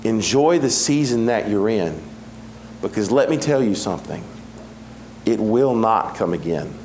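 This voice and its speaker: A man's voice: mid-range voice, reverberant, slight background noise. A pastor in his forties preaching a sermon, earnest and emphatic, repeating key phrases for weight.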